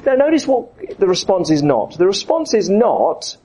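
A man's voice: sits high, sing-song, moderate pace, hardly any pauses, dark tone, lo-fi sound, a little hiss or hum. A man preaching a sermon, acting out the voices of the people he quotes.

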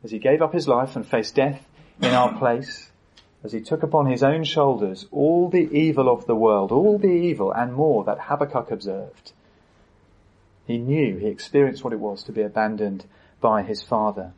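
A man's voice: medium pitch, moderate pace, darkish tone, rough recording. A man, a church pastor preaching an earnest sermon with frequent hesitations and fillers.

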